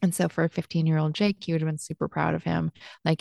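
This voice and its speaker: A woman's voice: low-pitched, monotone, a little fast, creaky, a little mellow, dry recording, clean studio sound. A young adult woman hosting a casual solo podcast, reflective and chatty, with plenty of fillers and restarts. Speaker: podcast host and life coach.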